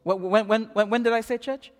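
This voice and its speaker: A man preaching a sermon in an animated way, often repeating words as he builds, in an echoey hall. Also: sits high, fairly quick, clean tone.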